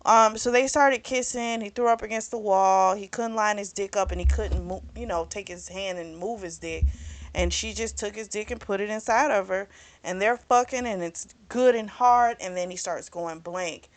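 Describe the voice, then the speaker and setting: A woman's voice: mid-range voice, normal speed, dry recording. A woman reviewing a book in a casual recap, rambling with plenty of fillers and blunt swearing. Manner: rambling, frank, swears freely, lots of fillers.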